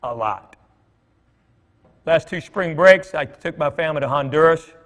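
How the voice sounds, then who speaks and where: A middle-aged man with a slightly high voice talks to a church crowd on a stage mic. He tells stories in a loose, joking way, full of fillers and asides. His voice carries a long reverb from the large hall. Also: lively intonation, a little slow, a bit bright. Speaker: comedian speaking at church. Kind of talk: storytelling talk to a congregation.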